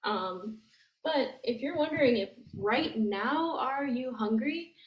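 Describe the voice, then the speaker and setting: A woman's voice: fairly high pitch, lively intonation, slow, lo-fi sound. A woman teaching language grammar, explaining step by step in a patient way and thinking aloud with many fillers. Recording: echoey room with faint noise.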